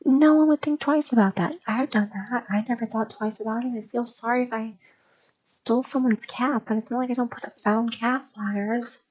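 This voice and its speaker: A woman's voice: fairly high pitch, normal speed, darkish tone, slightly rough, lo-fi sound. A woman streamer chatting in a casual, rambling, gossipy way and spilling a story, recorded on a desk microphone. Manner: rambling, gossipy, lots of fillers.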